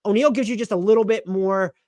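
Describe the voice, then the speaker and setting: Man, young adult, podcast co-host, opinionated, slightly high voice, dry close sound. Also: quick pace, mellow, dry recording. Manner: opinionated, thinks aloud with restarts. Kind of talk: casual basketball podcast chat.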